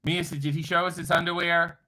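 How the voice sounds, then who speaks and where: A man's voice: a little high, flat delivery, brisk, bright, forceful tone, low-quality recording. Wry swearing man reading stream chat. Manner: irreverent, swears freely, wry asides. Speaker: livestream host reading chat. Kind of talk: casual live chat.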